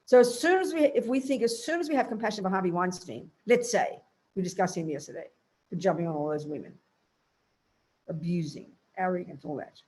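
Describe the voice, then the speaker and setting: A woman's voice: fairly low pitch, fairly quick, darkish tone. An older woman, a Buddhist teacher, giving a blunt, emphatic dharma talk to a group and acting out inner voices.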